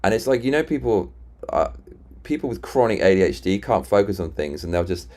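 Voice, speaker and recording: A man with a very low, deep voice chats casually on a live stream. He rambles, restarts sentences and retells arguments with friends. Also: big pitch swings, fairly quick, dark tone. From Britain. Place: London.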